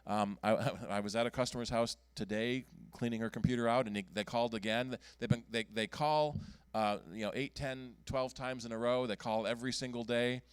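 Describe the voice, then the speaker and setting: A man giving a casual talk at a computer club meeting, halting often with ums and restarts as he clicks through his screen. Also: mid-range voice, steady tone, smooth, no echo. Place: meeting room.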